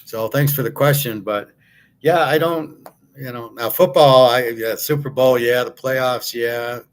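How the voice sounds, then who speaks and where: A man's voice: medium pitch, steady tone, a little slow. An American man hosting his own show, talking casually and bluntly in a rambling monologue full of fillers. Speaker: sports betting handicapper and host. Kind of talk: casual monologue answering a viewer question.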